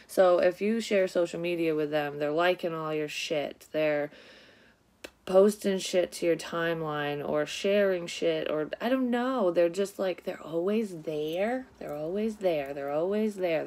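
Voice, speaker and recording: A woman's voice: lowish voice, a little mellow. A woman giving a casual psychic reading to her viewers, blunt and rambling, swearing freely. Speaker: psychic reader. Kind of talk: casual tarot-style reading.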